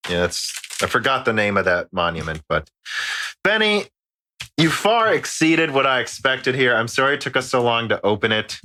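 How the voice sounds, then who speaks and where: A man's voice: mid-range voice, big pitch swings, moderate pace, pushed and bright. An American man hosting a podcast, joking and swearing in casual late-night banter, tired from a long recording. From United States. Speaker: podcast host. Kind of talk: casual chat. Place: home studio in quarantine.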